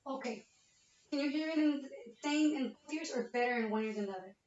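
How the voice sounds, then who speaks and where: Here a woman's high-sitting, darkish voice moves fast as she, a nursing student, narrates a physical exam demonstration for a patient. Each step gets explained, with frequent "okay?" check-ins. The laptop webcam recording comes across muffled, roomy and distant.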